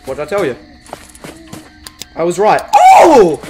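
A young adult, doing let's play commentary and trash-talking the game in crude, excitable bursts. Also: mid-range voice, measured pace, gravelly. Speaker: gaming channel host. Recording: game music playing loudly behind.

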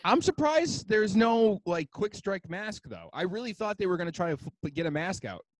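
Higher-voiced man swearing through casual chat. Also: sing-song, no echo. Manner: loose and profane, quick to laugh. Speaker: podcast co-host.

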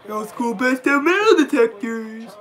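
A young man streaming a live reaction to a basketball game, excitable and prone to yelling at the plays, then apologizing. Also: very high-pitched, unhurried. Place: home room, dog nearby.

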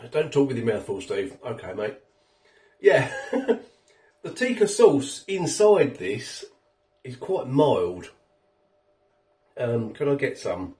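A man's voice: medium pitch, darkish tone, echoey room, distant mic. A man with a chatty, rambling manner, reviewing food on his home vlog while he eats. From England. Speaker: food vlogger. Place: home kitchen.

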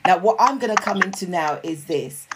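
A woman's voice: on the low side, expressive, a little fast, heavy background noise. A woman hosting an interview in a chatty, supportive way with many fillers. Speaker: podcast host. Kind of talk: casual interview chat.

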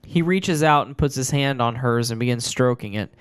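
Smooth-voiced man narrating a story. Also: medium pitch, no room sound, studio quality. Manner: plain steady narration, halting with fillers when chatting. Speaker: storyteller and author. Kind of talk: reading a dark short story, then casual chat.

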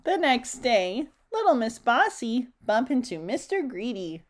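A woman reading a children's picture book aloud in a gentle, expressive way, chatting to her listeners. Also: fairly high pitch, unhurried, slight background noise. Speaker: storybook reader. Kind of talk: children's story read-aloud.

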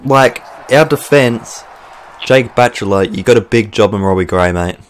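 Speaking at a moderate pace in a fairly low voice, this young Australian man narrates his football game in let's-play style for his YouTube channel. He swears, gets excitable, and erupts in frustration now and then.

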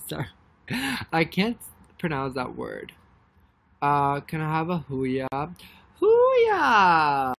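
A young woman chatting casually on a live stream, rambling and excitedly thanking viewers by name. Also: very deep voice. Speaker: livestreamer.

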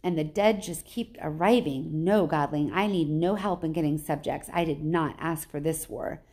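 A woman's voice: deep voice, normal speed, a little mellow. A woman reading aloud, voicing a proud, scornful male god of the underworld who grumbles and accuses. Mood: accusing.

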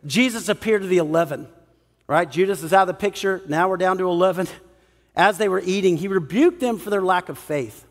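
A man's voice: high-pitched, moderate pace, big-room sound. A man preaching a sermon as pastor, acting out the people in the story as he talks. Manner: animated, acts out the people in the story. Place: church hall.

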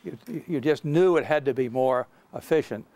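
An older man giving an unscripted lecture about his own experience, halting, with many fillers and restarts. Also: mid-range voice, a little mellow, no room sound. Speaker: guest lecturer recounting experience.

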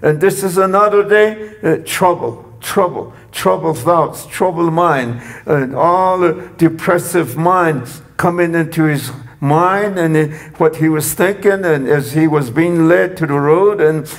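A man with a high voice preaches a sermon at an unhurried pace. He repeats his phrases and lifts into loud cries when he quotes. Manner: repetitive, rising to shouts when quoting.

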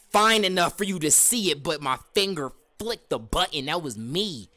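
Hyped man shouting over gameplay. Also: a little high, sing-song, normal speed, soft background music. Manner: hyped, shouts at plays, slangy trash talk. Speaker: gaming video host. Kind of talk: excited gameplay commentary.

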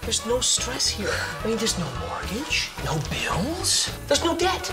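Film trailer: breezy, reassuring woman, upbeat and animated, over a heavy score. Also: a little high, measured pace, music in the background. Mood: carefree.

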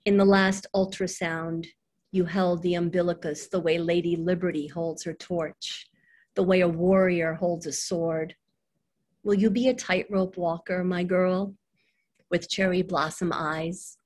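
A middle-aged woman, reading her own poems on a video call, slow and quiet on the lines. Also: level tone, slight background noise. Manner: slow, soft reading voice that drops low on the lines. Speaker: poet reading her work. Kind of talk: poetry reading with chat between poems.

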